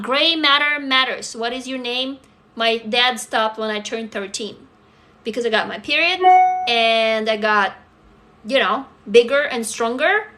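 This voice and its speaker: Woman, forties, from russia, candid livestream chat, bright tone, fairly high voice. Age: 40s. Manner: candid, emotional, talks straight to viewers. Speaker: livestream host. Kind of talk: casual livestream talk to viewers.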